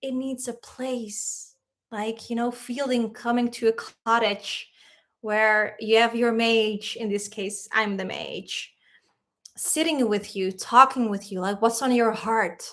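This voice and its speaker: High-pitched woman on a spiritual livestream, teary and rambling, reads the chat out loud. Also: steady tone, slow pace. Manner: heartfelt and rambling, reading chat aloud, fighting back tears. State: tearful. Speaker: spiritual teacher hosting a livestream. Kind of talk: emotional livestream talk.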